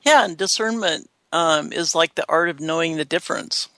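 A woman's voice: deep voice, normal speed, a bit bright, dry recording. A woman co-hosting a reflective talk show, speaking thoughtfully with frequent hesitations and restarts. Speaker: podcast co-host. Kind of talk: reflective casual chat.

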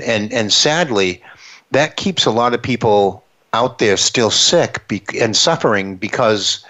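Man talking slow and earnest, kinda muffled lo-fi audio. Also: medium pitch, fairly bright tone. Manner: reflective, earnest, restarts phrases. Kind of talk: conversational interview talk. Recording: dull lo-fi sound.

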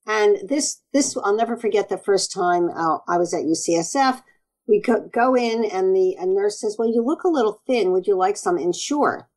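A woman naturopathic doctor speaking as an interview guest, earnest and animated, often acting out quoted exchanges. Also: mid-range voice, normal speed, low-quality recording. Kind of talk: conversational interview.

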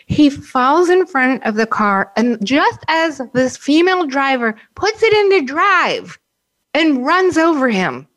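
A woman's voice: high voice, sing-song, slow pace, a bit bright. A woman working as a psychic medium, casually and animatedly telling a story and acting out the voices.

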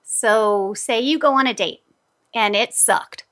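A woman hosting an advice talk, telling personal stories in an animated way and laughing often. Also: fairly high pitch, takes it slowly. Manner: animated, laughs often, acts out quoted voices. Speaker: host, energy healer.

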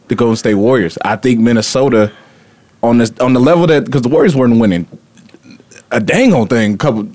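Fast-talking easygoing man. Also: medium pitch, a little mellow. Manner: quick, easygoing, laughs often. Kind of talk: casual sports talk.

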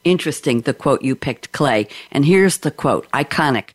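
A woman hosting a podcast and interviewing guests over a video call, chatty and lively. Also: rumbling low, normal speed. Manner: chatty, lively and often amused. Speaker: podcast host.

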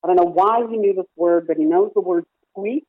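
A woman's voice: lowish voice, a little fast, no room sound. Woman calling into a radio show, tinny dry phone sound, explains stuff with examples. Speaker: parrot rescue owner and trainer. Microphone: telephone.

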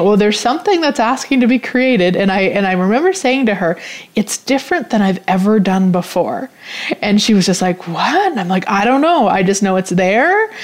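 A woman talks to her radio audience in a loose, rambling way, often circling back and breaking into small laughs. Her voice sits in a middle pitch, and the delivery is casual and unscripted. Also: a little mellow. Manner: meandering, giggly, with many restarts. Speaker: host. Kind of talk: casual talk-radio monologue.

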